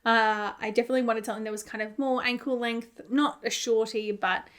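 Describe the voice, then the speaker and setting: Woman, knitting podcast host, casual chat, rambling, lots of "like", fairly high-pitched. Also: fairly even intonation, brisk, fairly bright tone. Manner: chatty and rambling, often says "like"; self-deprecating, laughs at her own mishaps.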